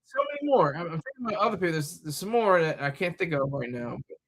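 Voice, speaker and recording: A man's voice: on the high side, lively intonation, fast talker. A man talking in a loose, rambling monologue, full of fillers, repeated words and restarts.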